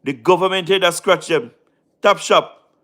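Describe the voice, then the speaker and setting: A tired man with a Jamaican accent hosts a casual live stream in a high-pitched, fairly bright voice at a measured pace. He answers viewers by name, repeats his points and mixes patois into his talk.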